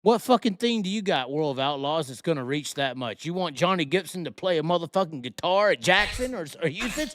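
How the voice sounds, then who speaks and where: A man's voice: fairly high pitch, expressive, a little fast, hardly any pauses, fairly bright tone, no room sound, clean studio sound. A man hosting a live talk show, ranting heatedly with constant swearing and rhetorical questions. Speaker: host. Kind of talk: profane live-stream rant.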